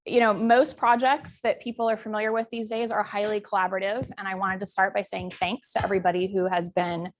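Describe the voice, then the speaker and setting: A woman, an assistant professor, opening an academic seminar talk in a friendly, slightly halting way. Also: medium pitch, little pitch movement. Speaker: invited speaker, assistant professor.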